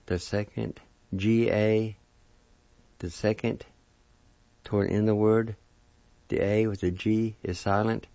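A man giving a language lesson, spelling out words and slowly sounding out their syllables, repeating each one. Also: fairly low pitch, dark tone, no room sound, highs cut off. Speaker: language teacher. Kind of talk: slow word-by-word pronunciation lesson.

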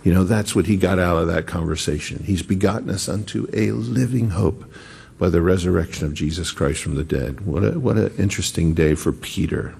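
A low-voiced preacher with a gravelly, creaky edge, delivering a sermon in an unhurried, earnest storytelling manner. He often restarts his sentences as he goes. A long reverb trails after his words, as in a large hall. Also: a little mellow.

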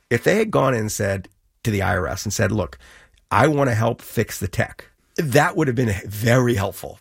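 A middle-aged man, the author and guest in an interview, telling animated stories and acting out the quoted exchanges. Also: medium pitch, vocal fry, husky, dry recording, clean studio sound. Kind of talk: conversational interview.

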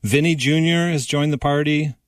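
A man hosting a sports panel, upbeat and quick to laugh while he leads the talk. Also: fairly high pitch, fairly even intonation, no echo, studio quality, recorded from a distance. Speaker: host. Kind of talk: casual sports chat.

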